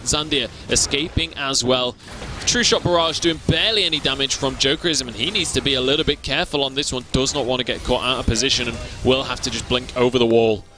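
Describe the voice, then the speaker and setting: A man calling live esports play-by-play, brisk and lifting with the action. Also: medium pitch. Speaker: esports caster.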